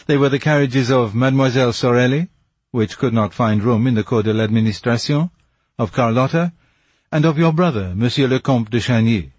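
Smug police commissary with a husky voice and brisk, pointed questions, read by a man. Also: mid-range voice, darkish tone, no room sound, natural voice. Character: smug self-satisfied male police commissary.

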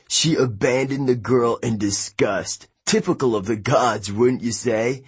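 A man reading an audiobook voices a smooth, mocking young male villain. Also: medium pitch, no room sound.

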